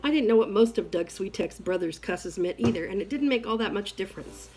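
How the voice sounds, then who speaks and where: A woman reading a novel aloud in an expressive first-person storytelling voice. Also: mid-range voice, fairly quick, rough recording. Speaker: reader.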